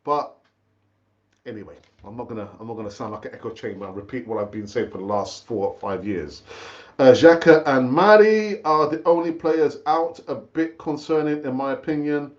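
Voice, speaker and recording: A man's voice: mid-range voice, normal speed. Chatty man hosting a live stream. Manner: chatty, calls viewers "brother", repeats words. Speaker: fan channel host. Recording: dull, lo-fi stream audio.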